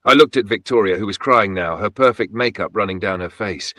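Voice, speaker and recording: Male storyteller, scripted narration, low and bright, dry close mic. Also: brisk, few pauses, no room sound. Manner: steady, dramatic storytelling. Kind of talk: scripted first-person narration.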